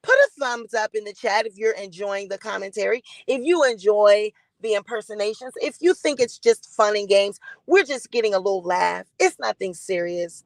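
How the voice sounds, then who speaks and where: A woman's voice: medium pitch, normal speed, hardly any pauses, no echo, poor audio. A woman hosting a live-stream gossip commentary, blunt and defiant, swearing freely and greeting chat viewers by name.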